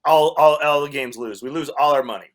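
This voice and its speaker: A man's voice: on the high side, fairly quick, fairly bright tone. Man rambling through a comic story. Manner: rambling, self-interrupting, laughs through the story. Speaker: comedian guest. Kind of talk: casual storytelling.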